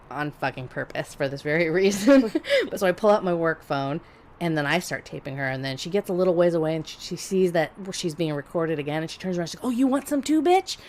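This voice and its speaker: Low-voiced woman swearing through a story. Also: a little hiss or hum. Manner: profane, blunt storyteller; animated, laughs while telling. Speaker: podcast co-host. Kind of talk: casual storytelling chat.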